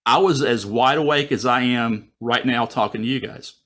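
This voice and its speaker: Animated male storyteller on a video call. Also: medium pitch, normal speed. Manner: animated, acts out his own thoughts in a raised voice. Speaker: guest storyteller. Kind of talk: casual personal storytelling.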